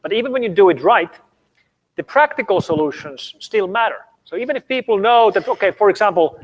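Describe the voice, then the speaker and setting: A man with a Finnish accent and a high voice answers questions in a lecture hall. He makes his points with sarcasm and hammers them home by repeating them. His voice rings with the long reverb of a large room. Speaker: panelist answering audience questions. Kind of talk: university public lecture Q&A.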